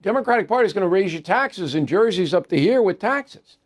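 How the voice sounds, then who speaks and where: A man's voice: sits high, animated, brisk. A man hosting an opinion news show, talking in a blunt, emphatic way. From New York area. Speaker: news commentary host. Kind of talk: opinion commentary monologue.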